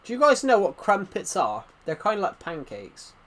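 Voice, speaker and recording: A man chats loosely over his gameplay, his voice sitting a touch higher than most men's. He wanders from one side topic to the next in an easy, rambling way. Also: wildly swooping pitch, moderate pace, a bit bright. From Britain. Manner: rambling, chatty, tangents. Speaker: gaming channel host. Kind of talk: casual gameplay commentary.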